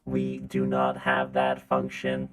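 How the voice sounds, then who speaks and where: A man voicing a deadpan male escort robot in a tabletop game, speaking in clipped, literal robotic phrases. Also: a bass voice, takes it slowly, soft background music. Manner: flat, clipped robotic delivery. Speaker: game master.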